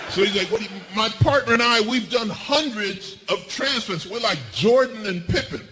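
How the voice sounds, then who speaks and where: A middle-aged man doing a stand-up comedy set, telling stories with animated swings in pitch for punchlines. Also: normal speed, hardly any pauses, slight background noise. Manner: animated storytelling, jumps high for punchlines. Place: comedy stage before a laughing audience. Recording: live show with audience laughter.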